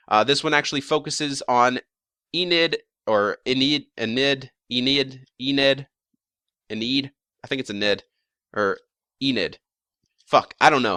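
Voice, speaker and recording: A man's voice: medium pitch, sharp tone, no echo, clean studio sound. A young man talking casually about episode predictions, rambling with lots of fillers, restarts and the odd swear word. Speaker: YouTube show commentator.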